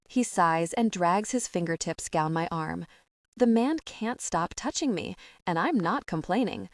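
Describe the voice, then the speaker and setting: A woman narrating a first-person romance audiobook in an intimate, unhurried way. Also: fairly low pitch, lively intonation, no room sound, clean studio sound.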